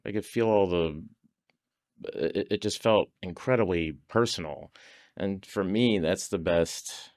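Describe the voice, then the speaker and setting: A podcast guest tells stories in relaxed conversation, laughing often and acting out the voices of people he quotes. His voice sits low with a darkish tone and an unhurried pace, recorded cleanly in a studio with no echo.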